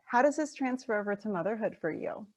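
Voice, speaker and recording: A woman's voice: medium pitch, animated, fast talker, no room sound. A woman hosting an interview, affirming and encouraging her guest in casual conversation. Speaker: interview host, coach.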